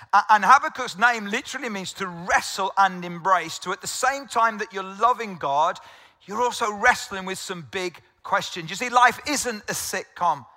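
A man in his fifties from the UK preaches a sermon, earnest and quick to repeat himself when he gets going. His voice sits high and cuts through brightly. A long reverb trails behind him. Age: 50s. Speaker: pastor.

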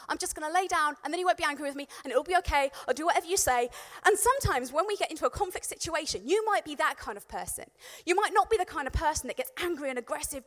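A woman gives a lively, playful sermon, her high voice swinging widely up and down. She sounds like she is in a big hall, with long reverb trailing each phrase. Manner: animated, playful preaching. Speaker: youth pastor.

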